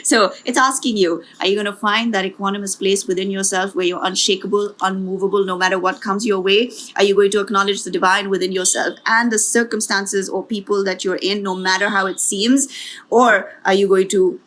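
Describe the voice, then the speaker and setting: A woman's voice: medium pitch, steady tone, fairly quick, fairly bright tone. A woman giving a tarot reading as a spiritual coach, speaking earnestly and encouragingly, often repeating herself and adding asides.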